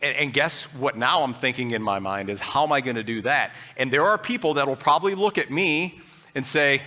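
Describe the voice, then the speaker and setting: Male pastor, mid pitch, bright and forceful tone; earnest, conversational sermon delivery that acts out everyday doubts. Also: lively intonation, moderate pace. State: briefly choked up.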